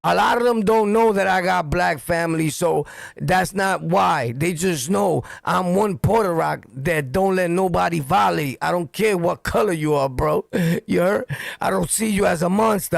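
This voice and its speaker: Gravelly high-voiced New York man ranting. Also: normal speed, dry recording. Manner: blunt, profane, animated storytelling. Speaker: streamer and commentator. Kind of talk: heated street-talk monologue.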